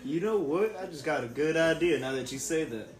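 A man's voice: on the high side, lively intonation, a little fast, darkish tone, roomy sound. A man in a casual chat, laid-back and laughing along, cursing casually while he tells stories.

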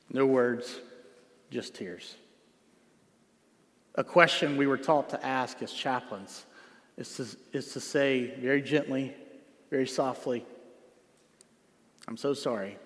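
Slow, earnest male preacher in a reverberant church. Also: mid-range voice. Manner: earnest, swings from loud emphasis to hushed softness. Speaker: pastor. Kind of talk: sermon. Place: church sanctuary. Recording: long hall reverb.

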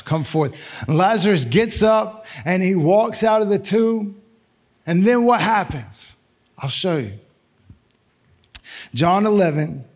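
Gravelly-voiced man preaching a sermon. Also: fairly high pitch. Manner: earnest, conversational preaching with sudden emphatic rises. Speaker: pastor.

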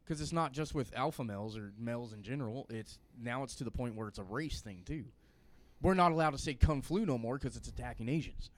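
A man's voice: medium pitch, expressive, a little fast. A man from Louisiana, hosting a casual podcast, opinionated and rambling.

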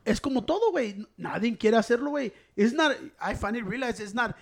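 Man, very high voice, rapid, blunt, profane. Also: animated, creaky. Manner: blunt, profane, says güey constantly. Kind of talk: casual chat, mixing Spanish and English.

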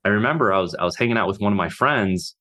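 A man telling his own life story off the cuff, halting and full of fillers, swearing casually. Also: on the low side, expressive, bright, forceful tone. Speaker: podcast host. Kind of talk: unscripted personal storytelling.

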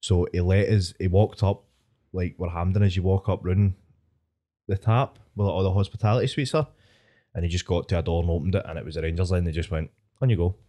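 A man's voice: low voice, steady tone, a little fast, warm tone. A Scottish man in his twenties, hosting a podcast and telling a long, rambling, sweary story in casual chat. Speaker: podcast host.

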